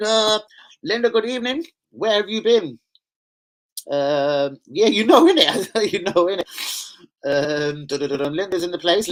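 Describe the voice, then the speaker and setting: A man hosting a casual football live stream, rambling and slangy as he answers viewer comments. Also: a little high. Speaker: football channel host.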